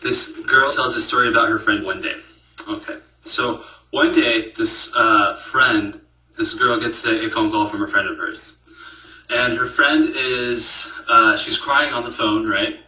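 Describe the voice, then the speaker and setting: A man giving a moral story as a religious speaker, halting and repeating words and checking in with "right?". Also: medium pitch, fairly even intonation, pushed and bright. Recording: echoey room, speaker far from the mic.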